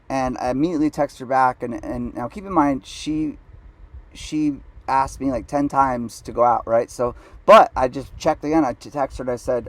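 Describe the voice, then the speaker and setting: A man's voice: medium pitch, moderate pace. Brief: male comic, satirical storytelling, rambling and self-deprecating, mid-range voice. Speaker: comedian.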